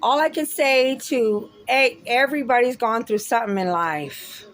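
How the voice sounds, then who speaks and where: A woman's voice: on the high side, moderate pace, soft background music. Rambling, profane woman vlogger. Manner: rambling, profane, swings from mumbles to loud outbursts. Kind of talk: candid talk to camera.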